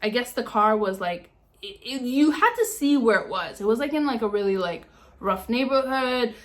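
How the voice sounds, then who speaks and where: A young woman with a fairly high voice tells a story to her viewers in a chatty vlog. She is animated and dramatic, full of fillers, and acts out bangs and voices as she goes. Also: moderate pace. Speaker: vlogger.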